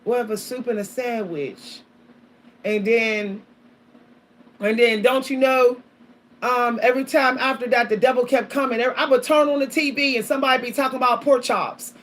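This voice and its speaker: Animated woman vlogger chatting to viewers. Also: high-pitched, moderate pace. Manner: animated, repetitive, addresses viewers as y'all, laughs often. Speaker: spiritual vlogger. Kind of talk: casual chat to viewers.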